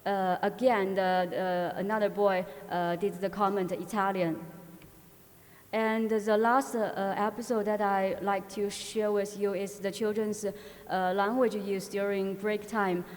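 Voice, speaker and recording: Halting woman presenting in a reverberant hall. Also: mid-range voice, flat delivery. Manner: halting, frequent filler pauses and restarts. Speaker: conference presenter. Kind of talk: academic conference talk. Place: university conference hall. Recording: long reverb of a conference hall.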